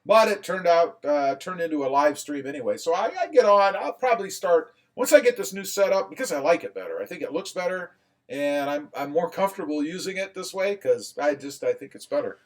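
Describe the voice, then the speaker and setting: A man hosting a casual live stream, reading viewer comments aloud and chatting back in an animated way. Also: a little high, brisk. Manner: animated, rising when excited.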